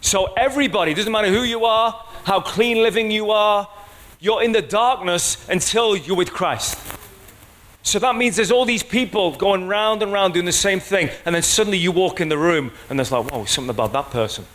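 A man's voice: sits high, normal speed, fairly bright tone. A man preaching a sermon in a conversational way, often checking in with the congregation.

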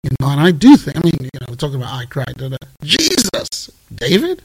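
A man in a casual faith discussion, retelling Bible stories in an animated way and laughing along. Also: fairly high pitch, fast, breathy edge, rough recording.

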